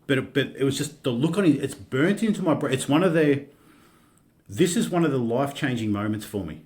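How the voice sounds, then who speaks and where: A middle-aged man with an Australian accent, a podcast guest telling his own story candidly, halting and restarting often and swearing casually. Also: mid-range voice, animated, darkish tone.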